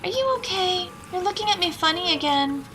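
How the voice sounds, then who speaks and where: A woman's voice: very high voice, lively intonation, fairly quick, over music, voice pushed up. A woman voicing a timid young girl who keeps asking frightened, hesitant questions in a video game. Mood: anxious.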